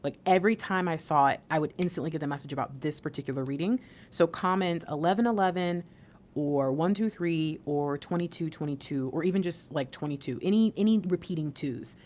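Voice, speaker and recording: A woman's voice: sits low, brisk, a little mellow. A woman hosting an intuitive spiritual reading, talking casually and reassuringly to her viewers, rambling a little with fillers and restarts. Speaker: intuitive reader and channel host.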